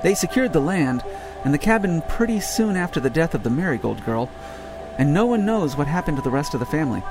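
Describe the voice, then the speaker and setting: A man voicing a brisk, wry, teasing female investigator in an audiobook. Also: on the high side, big pitch swings, music in the background. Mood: explaining.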